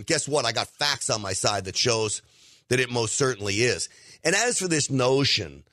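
A man's voice: mid-range voice, pushed and bright, dry recording, clean studio sound. A middle-aged man hosting a podcast, delivering an emphatic opinion monologue straight to his listeners. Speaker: podcast host.

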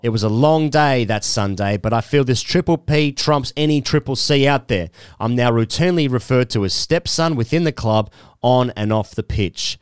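A man's voice: medium pitch, normal speed, clean tone, no room sound, clean studio sound. A man, a podcast co-host reading a listener's letter aloud and laughing often as he goes. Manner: keeps breaking into laughter while reading.

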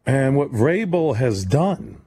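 A man hosting a late-night sports radio call-in show, talking quickly and giving strong opinions between callers. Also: mid-range voice, sing-song, dark tone, husky. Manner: fast, conversational, opinionated. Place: radio studio.

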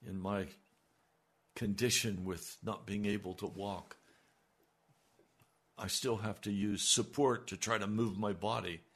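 Slow, husky-voiced preaching man. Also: on the low side, fairly even intonation, a bit bright. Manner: emphatic preaching, voice swelling on key lines. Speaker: pastor. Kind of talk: sermon.

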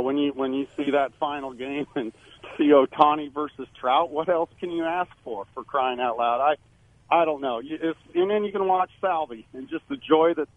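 Man on a tinny phone line. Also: medium pitch. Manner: emphatic, rambling with frequent restarts. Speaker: former baseball player, radio guest. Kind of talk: sports radio call-in analysis.

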